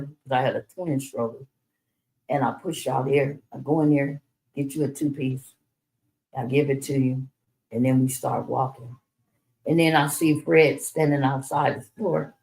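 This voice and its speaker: Here a middle-aged woman shares her life story with her son, conversational and frank, with lots of restarts. Her voice rumbles low with a warm tone. The recording quality is low.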